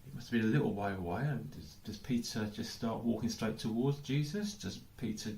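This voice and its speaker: A fairly low, darkish male voice with vocal fry and a slightly fast pace belongs to an English pastor preaching in an echoey church hall. He works through his thoughts aloud, raising lots of questions and repeating "I don't know."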